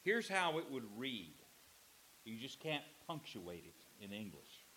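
A man preaching a sermon in an animated way, acting out quotes with voices. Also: medium pitch, a little slow, slight background noise. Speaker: pastor.

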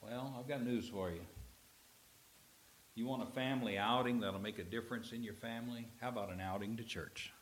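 A man preaching a sermon in a church, mid-range voice. He tells a story with lively swings, dropping to near-murmured asides, then pressing key lines out loud and slow. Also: medium pitch, a little hiss or hum. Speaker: pastor.

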